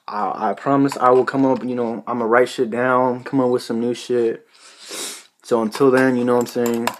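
A man's voice: mid-range voice, slight background noise. A young man in his late teens talking casually to camera in a rambling, profane way, full of "you know" fillers. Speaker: vlogger. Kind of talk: casual rambling vlog talk.

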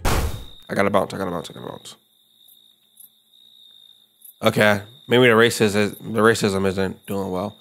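A man's voice: fairly low pitch, fairly even intonation, measured pace, pauses often, fairly bright tone, faint music behind. A young man casually commenting while he plays a game, laid-back and self-mocking, often muttering and swearing under his breath. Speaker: streamer playing a game.

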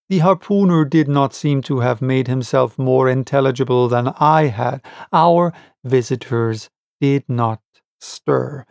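A man narrating a classic novel in a deliberate, unabridged audiobook reading. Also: a little high, creaky, darkish tone, no echo.

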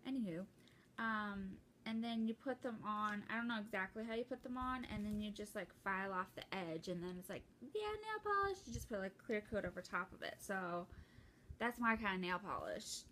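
A young woman chatting casually and excitedly while opening a gift at home, rambling with lots of fillers and restarts. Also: medium pitch, normal speed, a little hiss or hum. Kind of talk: casual unboxing chat.

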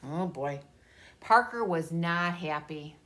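A woman's voice: fairly low pitch, slow. A woman reading a children's story aloud and talking directly to the children listening. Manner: animated, talks directly to children.

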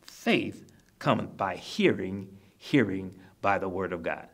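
Gravelly-voiced man preaching a sermon. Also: low-pitched, expressive, takes it slowly. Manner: repetitive, exhorting, explains scripture in plain terms. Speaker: minister.

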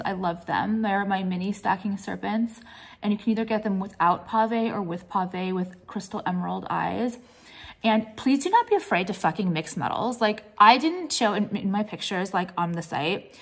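Woman, home vlogger, breathless and queasy, chatty and rambling, mid-pitched. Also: fairly bright tone. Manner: rambling, swears casually, many fillers. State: out of breath and nauseous. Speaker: jewelry brand owner and vlogger. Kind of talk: casual vlog chat.

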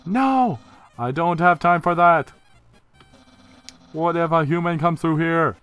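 A man doing a loud, excitable skeleton. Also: a little high, slow, clean tone, soft background music, voice pushed up. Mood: boisterous.

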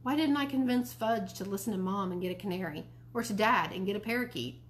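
Woman storyteller, expressive children's read-aloud. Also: mid-range voice, fast talker, a little hiss or hum. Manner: expressive reading, switching into character voices. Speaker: library storyteller.

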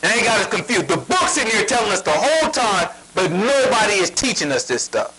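Lively, high-voiced, emphatic male preacher. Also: a little fast, background noise. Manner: emphatic, asks rhetorical questions, prods the reader. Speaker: Bible teacher. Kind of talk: sermon.

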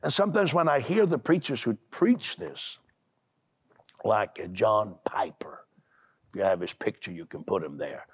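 A middle-aged man preaching to a TV audience in a brusque, emphatic way, often stacking repeated words as he pushes a point. His voice is gravelly and a touch husky, and it sits in a dry, close studio sound. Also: lowish voice, lively intonation, normal speed, dry recording. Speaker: preacher and TV host. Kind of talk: televised sermon.

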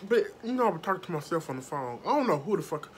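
A woman vlogger telling a story to her viewers in a casual, animated way, swearing freely. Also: on the low side, fast, slight background noise. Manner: animated, profane, talks straight to viewers.

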